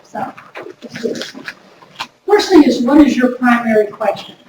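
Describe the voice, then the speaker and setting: A woman's voice: on the high side, lively intonation, normal speed. Chatty woman speaker in an echoey hall. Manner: chatty, repeats words, addresses audience directly. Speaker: workshop speaker. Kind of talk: lively workplace wellness talk. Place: large room before an audience. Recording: echoey hall recorded from far off with noise.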